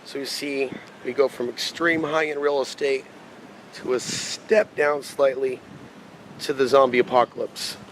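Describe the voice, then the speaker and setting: Recording a walking-tour vlog outdoors on city streets, a man in his thirties talks to his handheld camera in a rambling, casual way. His mid-range voice is fairly even and a little slow, and the poor audio carries outdoor city noise and street traffic.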